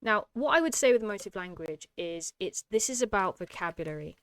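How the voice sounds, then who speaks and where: A woman's voice: mid-range voice, lively intonation, fairly quick, clear, resonant tone. A woman teaching an exam-prep lesson, emphatic and explanatory, often checking in with "okay?". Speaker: English tutor.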